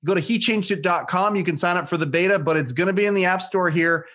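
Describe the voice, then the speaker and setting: A man's voice: high-pitched, quick pace, a bit bright. A man hosting a podcast interview, thanking his guest and praising him effusively. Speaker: podcast host.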